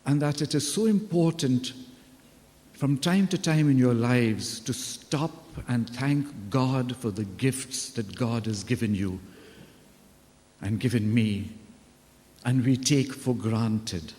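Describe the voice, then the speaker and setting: A man speaking slowly and warmly, telling stories in an earnest, unhurried way. His voice carries a long reverb, as if he were addressing students in a big school hall. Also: medium pitch. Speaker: religious brother giving a talk to students. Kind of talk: storytelling address.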